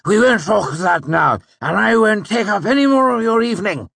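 A man voicing an excitable, short older nobleman who talks animatedly. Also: high-pitched, moderate pace, creaky, slightly rough, dry recording, voice pushed up, full character voice. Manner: giddy, animated, gesturing wildly.

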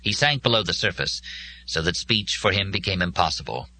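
Deep-voiced man narrating a novel. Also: lively intonation, a little fast, pushed and bright. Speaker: audiobook narrator. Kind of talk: scripted narration.

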